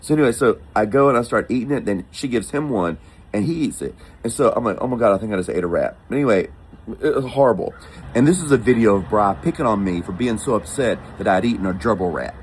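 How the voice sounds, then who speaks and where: A man's voice: mid-range voice, fast talker, slight background noise, poor audio. A man telling a personal travel story casually and with animation, acting out the voices of the people in it. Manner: animated, acts out quoted voices.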